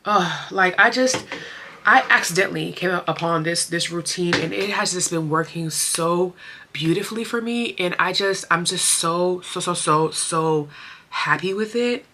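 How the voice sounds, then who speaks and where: A woman's voice: fairly low pitch, unhurried, sharp tone, a little hiss or hum. A young woman chatting expressively through her makeup routine, full of slang and emotion, as a beauty vlogger. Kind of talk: casual chatty makeup tutorial.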